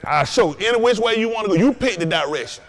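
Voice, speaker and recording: Animated man, high lively voice. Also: quick pace, gravelly. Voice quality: animated, laughing storytelling. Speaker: host and teacher. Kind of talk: casual joking lesson talk.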